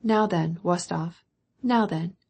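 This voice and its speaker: A woman reading a fiery male cavalry officer in an audiobook, loud and blustering. Her voice is dark and soft-edged, a little husky. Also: fairly low pitch, takes it slowly, full character voice.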